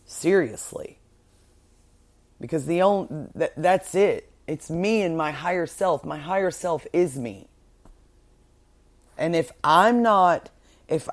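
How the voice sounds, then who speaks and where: A woman's voice: low-pitched, animated, takes it slowly. A woman hosting a spiritual podcast monologue, talking fervently and self-assuredly, swearing heavily and repeating words for emphasis. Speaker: podcast host.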